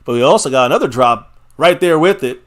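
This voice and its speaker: A man's voice: medium pitch, lively intonation, fairly quick. A man hosts a casual live stream for sports fans, talking in an everyday mid-range voice. He is opinionated and rambling, doubling back on his words and laughing at his own points. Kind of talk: casual sports fan chat.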